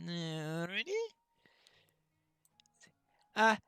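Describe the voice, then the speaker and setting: Woman commenting on her game, wry asides, unhurried, dry close recording. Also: lowish voice, big pitch swings, dry recording, soft background music. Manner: chatty, wry asides, drawn-out musing. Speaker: let's-play host. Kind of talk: casual gameplay commentary.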